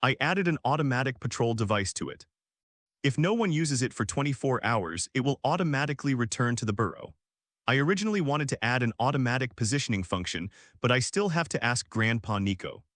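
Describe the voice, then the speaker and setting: Eager, polite boy wizard, bright and clever, in a storybook, read by a man. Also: mid-range voice, expressive, fairly quick, dry recording, studio quality, natural voice.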